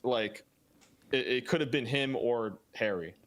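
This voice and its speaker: A man's voice: medium pitch, unhurried, fairly bright tone. A man co-hosting a casual podcast, talking in hesitant fits and restarts. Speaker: podcast co-host. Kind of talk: casual chat among friends.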